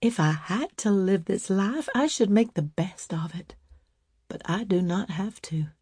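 A woman voicing a quiet, firm young woman in a storybook reading, speaking low but clearly. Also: animated, unhurried, no echo, clean studio sound. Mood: earnest.

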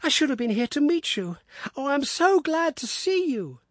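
A man voicing an excitable, clingy teenage boy in an audiobook, high and gushing. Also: moderate pace, dry recording, studio quality. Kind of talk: audiobook character reading.

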